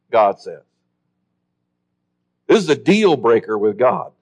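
A man preaches with earnest emphasis, slowing to underline key words. His mid-range voice is husky and has a sing-song lilt.

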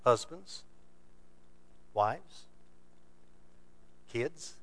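A man preaching a sermon, moving between loud, emphatic bursts and low, quiet passages. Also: expressive, extremely slow, no room sound.

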